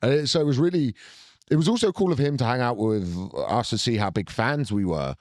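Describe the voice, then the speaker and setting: Brief: a British male co-host in his twenties, excitable storyteller who swears a lot, very animated pitch. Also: brisk, no room sound, studio quality. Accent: British English. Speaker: podcast co-host. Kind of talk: casual chat.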